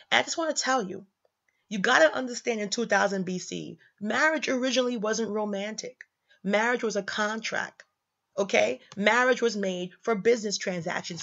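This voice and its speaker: A young woman talks about her faith in a casual, slangy way, leaning hard on her points and repeating them for emphasis. Her voice sits at a middle pitch. The audio is a little dull and lo-fi. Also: creaky, a bit bright. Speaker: commentator. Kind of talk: casual religious commentary.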